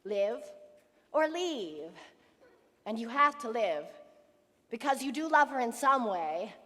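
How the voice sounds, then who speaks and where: A chatty, lonely man in middle age confides his musings straight to the audience, as a young woman plays him on a school stage. The voice sits fairly high and carries a long hall reverb from the auditorium. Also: sing-song, slow, pushed and bright, exaggerated voice. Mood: wistful. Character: lonely middle-aged male theatre fan, wistful and chatty. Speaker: narrator character. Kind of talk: school stage musical acting.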